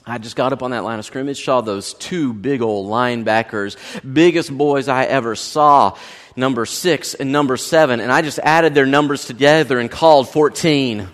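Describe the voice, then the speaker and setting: A man voicing a dim but lucky teenage backup quarterback, in a slow, earnest folksy drawl. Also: medium pitch, in a large hall, pitched below the performer's own voice, lightly acted.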